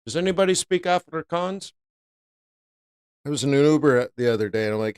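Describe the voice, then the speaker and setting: A middle-aged man hosting a live trading stream, giving animated and jokey market commentary that breaks into loud playful bits. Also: fairly high pitch, brisk, clean tone.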